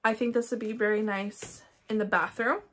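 Reviewing wax melts in a casual chat, this young candle-collector vlogger with an Ohio accent sounds enthusiastic. She speaks at normal speed with a steady, fairly high, slightly bright voice. There's slight background noise.

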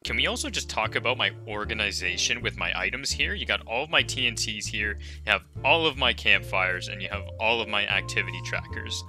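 A man giving excitable gameplay commentary, breaking into loud shouts, laughter and playful beep noises. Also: on the low side, a little fast, few pauses. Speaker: gaming video creator. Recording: clear background music. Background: background music.

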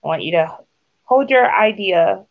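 Slow, lively woman reading to children. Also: medium pitch. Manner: gentle teacher-like asides to young listeners. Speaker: speech clinic storyteller. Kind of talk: reading a picture book aloud to children. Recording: dull lo-fi recording.

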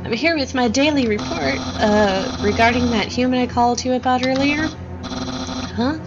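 A woman's voice: sits high, moderate pace, highs cut off, pitched above the performer's own voice, lightly acted. Woman reading as a flustered skeleton guard. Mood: nervous reporting. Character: boastful lanky male skeleton guard. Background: game music.

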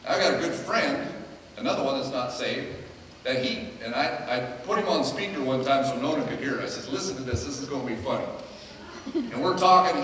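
A middle-aged man, a pastor, preaching in a lively, joking way and acting out the people in his stories. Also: medium pitch. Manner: animated, jokey storyteller acting out quotes. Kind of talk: sermon with storytelling. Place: church hall. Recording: echoey hall, distant mic, noisy.

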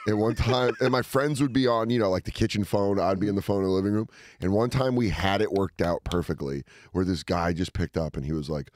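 A man guest on a podcast, chatting casually and telling profane stories, often breaking into loud, high-pitched impressions. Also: a little fast. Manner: profane, laughs through his stories.

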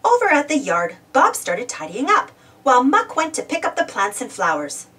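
A woman reading a children's storybook aloud in an expressive, animated way. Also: high-pitched, normal speed, recorded from a distance.

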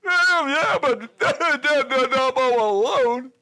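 A man's voice: extremely high pitch, extremely slow, sharp tone, voice pushed up, heavily acted. A man voicing a self-pitying male prophet who whines and drags out his words while hiding in a cave. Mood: wailing. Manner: whiny, plaintive, drawn out.

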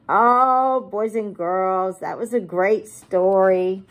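A preschool teacher reading a picture book aloud to young children, animated and gushing as she talks to them. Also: mid-range voice, takes it slowly, few pauses.

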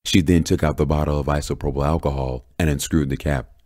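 A man narrating an audiobook with deep, measured storytelling. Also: fairly even intonation, a little mellow, no room sound, studio quality. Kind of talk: scripted narration.

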